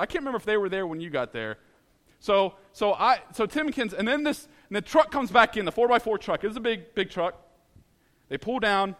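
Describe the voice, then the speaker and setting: A man from Ohio telling a personal story in an animated, dramatic way, laughing at himself as he goes. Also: sits high, in a large hall.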